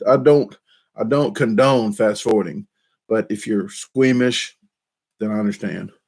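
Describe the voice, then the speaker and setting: A man's voice: fairly low pitch, measured pace, a little mellow. Rambling self-deprecating male vlogger. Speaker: YouTube channel host. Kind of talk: casual rambling chat. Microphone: desk microphone.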